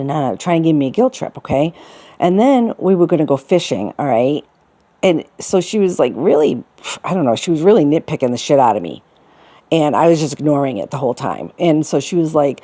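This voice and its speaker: A woman's voice: low voice, lively intonation, fairly quick, warm tone. A middle-aged woman telling a personal story in a casual, rambling way, full of restarts and fillers. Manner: rambling, many restarts and fillers, quotes people in put-on voices.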